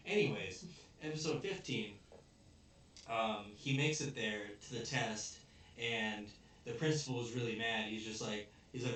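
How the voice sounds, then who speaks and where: A young man hosts a casual review, rambling through plot points with lots of fillers. His voice sits a little low and bounces around a roomy space, picked up from a distance with slight hiss. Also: a little slow, a bit bright. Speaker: podcast host. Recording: echoey room, distant mic.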